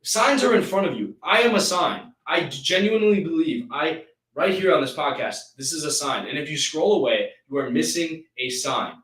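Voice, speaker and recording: A man's voice: a little high, animated, normal speed, hardly any pauses, fairly bright tone, roomy sound, distant mic, rough recording. A man hosting a live stream, giving an intense, preachy motivational rant that rambles with restarts.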